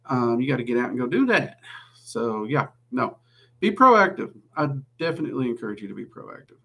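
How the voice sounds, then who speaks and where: Casual Southern-accented male host, rambling Q&A on a home stream, gravelly edge. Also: mid-range voice, brisk. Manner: chatty and rambling, with many "um"s. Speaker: livestream host answering viewer questions. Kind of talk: casual livestream Q&A.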